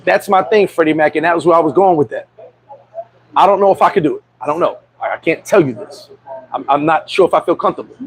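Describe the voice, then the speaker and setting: High, gravelly-voiced man hosting a livestream. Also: fast talker, a little hiss or hum, poor audio. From United States. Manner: reads viewer comments and gives shout-outs; rambling, with frequent restarts and chuckles. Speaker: livestream host. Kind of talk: casual livestream chat.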